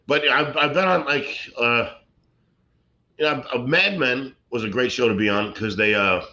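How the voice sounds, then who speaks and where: A middle-aged man, a comedian telling rambling stories and deadpan jokes in a casual interview. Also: mid-range voice, measured pace. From Brooklyn, New York. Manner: rambling, joking, deadpan punchlines. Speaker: guest, comedian and actor. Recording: slightly muffled lo-fi recording.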